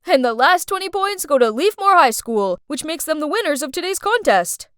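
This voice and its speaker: A woman's voice: high-pitched, sing-song, moderate pace, fairly bright tone, dry recording, studio quality, voice pushed up. A woman voicing a contest host announcing results in a raised, upbeat way.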